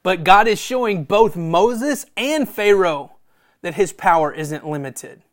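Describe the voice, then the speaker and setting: A preacher in full sermon mode, with a voice that lands in the middle of the usual pitch range. They read scripture aloud and comment on it, repeat key phrases for emphasis, and drop from loud, emphatic bursts to almost a whisper. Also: lively intonation, takes it slowly. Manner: swings between loud emphatic bursts and hushed near-whispers.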